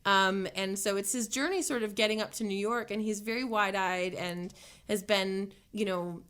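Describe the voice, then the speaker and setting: A woman's voice: medium pitch, fairly even intonation, moderate pace, a bit bright, smooth. A woman chatting casually as a guest in a radio studio, rambling with lots of fillers, after singing live. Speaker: singer and guest. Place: radio station studio lounge.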